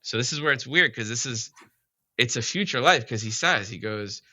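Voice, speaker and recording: A man's voice: medium pitch, animated, moderate pace, bright, forceful tone, no echo. A man who is a podcast guest, telling a long story in a casual, rambling way, full of "like" and "you know".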